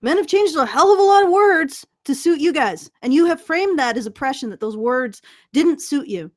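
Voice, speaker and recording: Woman podcast host, slightly high voice, sarcastic, swears, trips over restarts. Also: expressive, moderate pace, a little mellow. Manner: sarcastic, stammering restarts, profane. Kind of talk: casual commentary chat.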